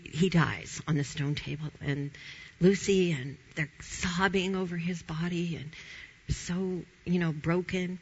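Bright-voiced woman teaching the Bible. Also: lowish voice, highs cut off. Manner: informal and emphatic, repeats key phrases.

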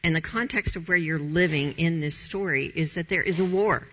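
A woman's voice: low voice, normal speed, fairly bright tone, muffled recording. A woman giving a conversational Bible teaching in an informal, emphatic way, repeating her key phrases.

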